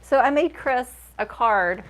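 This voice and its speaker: Relaxed chatty woman co-hosting. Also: on the high side, unhurried. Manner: chatty, relaxed, with fillers and trailing sentences. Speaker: live stream co-host. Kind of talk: casual live stream chat.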